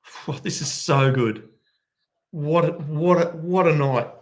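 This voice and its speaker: Excitable man calling a match live. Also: fairly high pitch, slow. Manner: excitable, bursts into loud cheering; kept quiet since it is night at home. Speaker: fan watchalong commentator. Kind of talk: live match commentary for viewers. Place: at home, late at night.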